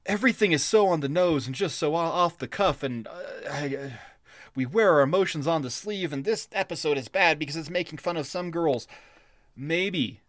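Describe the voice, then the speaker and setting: A man's voice: fairly high pitch, normal speed, fairly bright tone, no room sound, studio quality. A man co-hosting a casual podcast, ranting with a lot of profanity and getting worked up. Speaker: podcast co-host.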